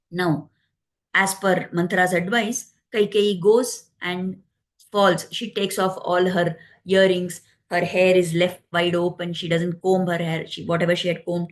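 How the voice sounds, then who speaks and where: A woman retelling a devotional epic in an explanatory way, with pauses and fillers. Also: on the low side. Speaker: storyteller.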